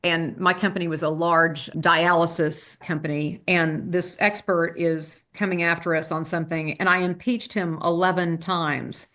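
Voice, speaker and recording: A woman trial lawyer, a podcast guest, telling stories with quick asides and restarts. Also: fairly low pitch, steady tone, bright, forceful tone.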